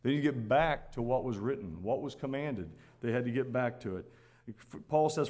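A man's voice: mid-range voice, animated, normal speed, a little mellow. A man preaching a sermon at the Lord's table, earnest and repeating phrases for emphasis, rising to exhort his listeners.

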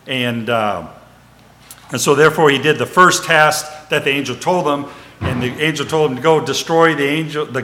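A man with a mid-range, bright voice and a forceful tone leads an informal Bible teaching. He reads scripture aloud and then retells it in plain, everyday words, with lots of fillers and restarts along the way.

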